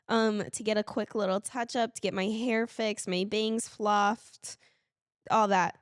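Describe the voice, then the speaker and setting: A female podcast co-host speaks at normal speed in a slightly high voice with fairly even intonation, telling an animated story during casual chat. She laughs while talking and squeals when she quotes herself, captured in a dry recording with clean studio sound.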